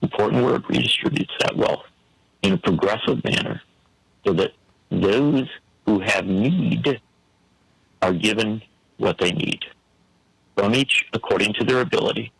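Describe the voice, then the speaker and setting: A man's voice: fairly low pitch, unhurried, gravelly, pauses often, slightly rough, no echo, rough recording. A man giving an emphatic, preacherly political commentary on a talk show, full of rhetorical questions.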